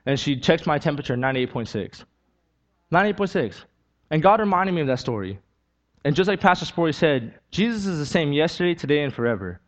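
A man's voice: a little high, animated, fast talker, highs cut off. A man preaching a sermon with a personal testimony, talking earnestly and conversationally, repeating key lines and building to emphatic peaks.

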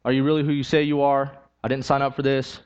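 A man's voice: mid-range voice, flat delivery, fast talker, a little mellow, clean tone, highs cut off. A man preaching a sermon with a personal testimony, talking earnestly and conversationally, repeating key lines and building to emphatic peaks.

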